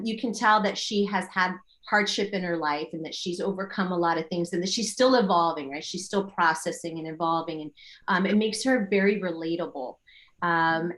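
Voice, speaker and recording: Animated middle-aged woman telling stories. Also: medium pitch. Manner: animated storytelling with quoted inner thoughts. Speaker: interview guest, yoga teacher. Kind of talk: casual interview chat.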